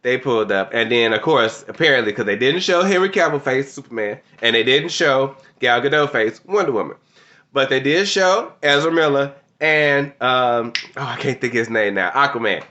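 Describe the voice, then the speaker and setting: A man casually recapping a TV episode, excitable and slangy, laughing often. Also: mid-range voice, moderate pace, muffled recording. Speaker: TV show reviewer.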